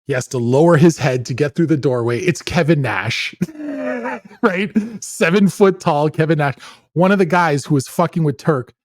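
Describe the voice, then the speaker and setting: A man's voice: fairly high pitch, moderate pace, no room sound, clean studio sound. A middle-aged man hosting a podcast, telling a story in a loose, profane way and laughing as he goes. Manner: animated, profane, laughs while telling stories. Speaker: podcast host. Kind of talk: casual storytelling chat.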